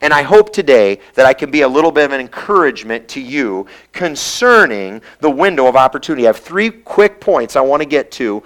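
A man preaching with a voice that rides high and swoops far up and down as he retells a scripture story. He slips into quick character voices for the people in the tale, then reads the verses in a steady, measured cadence. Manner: animated storytelling, briefly acting out the voices of biblical characters. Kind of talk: sermon.

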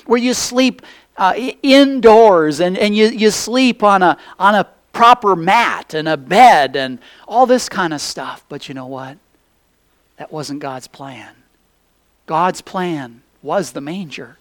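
A man delivers a sermon in a fairly high voice, unhurried and deliberate. He swings between loud, urgent pleading and soft, hushed near-whispers, drawing out his key phrases for emphasis. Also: animated. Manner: preaching with drawn-out emphatic phrases. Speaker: pastor.

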